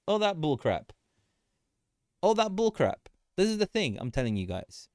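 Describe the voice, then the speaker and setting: A man hosting a casual market commentary livestream, animated and joking, often repeating himself and laughing. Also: fairly high pitch, moderate pace, no echo, clean studio sound. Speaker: livestream host.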